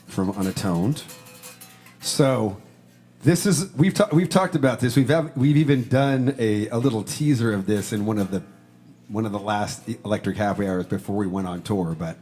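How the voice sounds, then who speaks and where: A man hosting a live stream, reading viewer comments in casual chat, joking and breaking into shouts and snatches of song. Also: fairly low pitch. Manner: animated, jokey, shouts and sings bits.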